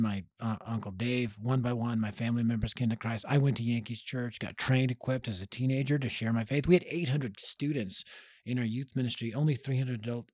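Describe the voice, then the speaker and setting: Energetic storytelling man, dry sound. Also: mid-range voice, dry recording. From Denver, United States. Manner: energetic, acts out quoted voices, punchy. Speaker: podcast guest, youth ministry leader. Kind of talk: animated storytelling interview.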